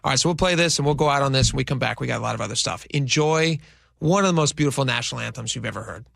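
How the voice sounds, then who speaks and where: A man's voice: medium pitch, very fast, creaky, very noisy. A man co-hosting a radio talk show, chatting and joking casually with his co-host. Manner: chatty, joking, easily amused.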